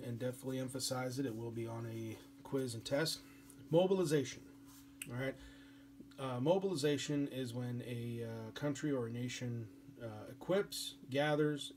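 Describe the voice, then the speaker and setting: A man's voice: mid-range voice, a little hiss or hum. A man giving a history lecture as a teacher, speaking in a casual, chatty way with many fillers. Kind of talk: classroom lecture.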